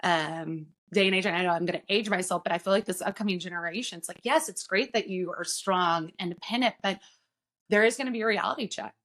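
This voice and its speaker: A woman with a somewhat low voice talks as a guest in a casual podcast conversation. She sounds earnest and reflective. She often stops with "um" while she works out what she means. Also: a bit bright. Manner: earnest, reflective, pauses with frequent "um". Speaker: guest, insurance agency owner.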